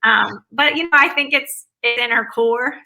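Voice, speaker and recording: A woman's voice: on the high side, moderate pace, gravelly, bright, forceful tone, poor audio. A woman with a Southern US accent, a guest answering interview questions in an upbeat, enthusiastic way with long run-on answers. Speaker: guest, former academic advisor. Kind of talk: conversational interview.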